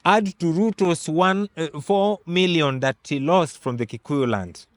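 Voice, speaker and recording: A man delivers a political commentary in a fairly high voice, working through numbers one by one with deliberate emphasis. The sound is dry and close, with no room echo. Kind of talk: political analysis monologue.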